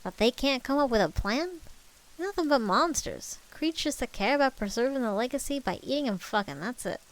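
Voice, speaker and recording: A woman's voice: lowish voice, moderate pace, natural voice. Woman voicing a scornful Southern-New York guy. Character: blunt, scornful adult male survivor.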